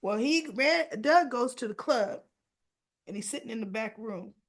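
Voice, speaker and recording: A woman giving a chatty, casual recap of a TV soap episode, often clearing her throat. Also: a little high, expressive, moderate pace. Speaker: soap opera reviewer.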